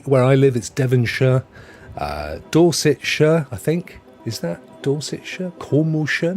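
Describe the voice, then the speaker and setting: Jokey guy hosting a gaming stream, pitch all over the place, bit of music in the background. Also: a little mellow. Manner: chatty and jokey, laughs at his own jokes. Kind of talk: casual live-stream chat.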